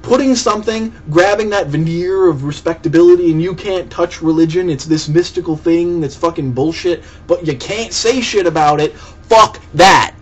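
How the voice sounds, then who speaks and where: A young man with a fairly high voice delivers a profane, heated, sarcastic rant in reply to a commenter, with faint hiss behind him. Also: normal speed. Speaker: vlogger answering a commenter. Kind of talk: angry video rant.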